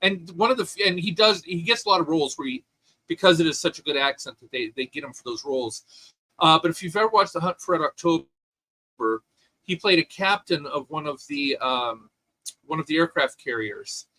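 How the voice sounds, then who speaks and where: Male podcast co-host: bright, slightly high voice, opinionated, stumbling restarts, dry sound. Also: fairly quick, no room sound, poor audio. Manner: opinionated, animated, with many restarts. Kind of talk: casual chat.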